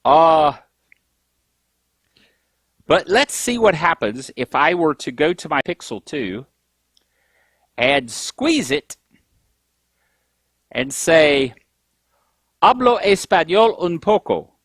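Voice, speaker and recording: A man's voice: fairly high pitch, big pitch swings, drawn-out words, long pauses, a bit bright, no room sound. A middle-aged man hosting a tech show, telling rambling self-mocking stories and laughing at himself. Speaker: tech podcast host. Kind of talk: casual tech show chat.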